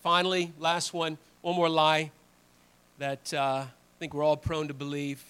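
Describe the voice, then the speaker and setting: A man's voice: a little high, level tone, measured pace, a bit bright, clear, resonant tone. A man preaching a sermon in a conversational, earnest way, often restarting phrases. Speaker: pastor.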